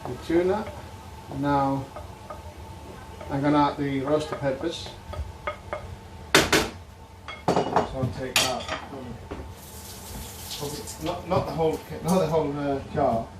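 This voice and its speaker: A middle-aged man from northwest Spain talks through a recipe in a loose, rambling way, tossing in fillers and little "yeah?" checks. His voice sits a little high for a man. The kitchen rings with echo, and chopping and sizzling carry clearly behind him. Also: slow, pauses often. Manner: chatty, rambling, frequent fillers and tag questions. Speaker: cooking show host. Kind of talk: casual cooking demonstration. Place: home kitchen. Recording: echoey kitchen with cooking noise.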